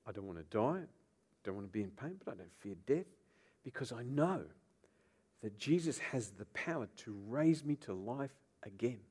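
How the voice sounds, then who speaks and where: A man preaching retells scripture with animated drama, swinging between gentle low tones and loud outbursts. His pace is moderate and his voice slightly rough.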